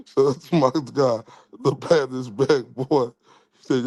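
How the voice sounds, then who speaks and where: A man's voice: mid-range voice, a little slow, darkish tone, no room sound. A man hosting his own stream, taunting and mocking someone in a trash-talking rant, often stammering and repeating words. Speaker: channel host.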